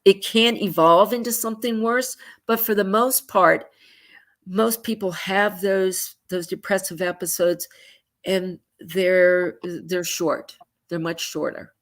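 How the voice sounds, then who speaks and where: A woman psychotherapist explaining moods in a relaxed conversation, acting out her clients' thoughts with sighs and quick asides over a video call. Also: medium pitch. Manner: animated, acts out clients' inner voices with sighs. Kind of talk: conversational explanation with acted-out examples.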